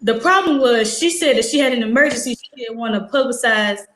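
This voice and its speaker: A teenage girl and high school student, telling a story in casual chat, acting out the dialogue with lots of fillers. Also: brisk, roomy sound, background noise. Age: teens. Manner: animated, acts out quoted dialogue, many "like" fillers.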